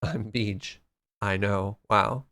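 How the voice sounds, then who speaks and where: A man's voice: fairly low pitch, fairly even intonation, slow, pushed and bright. A man streaming a game live, chatting casually and playfully, reading out and thanking his viewers.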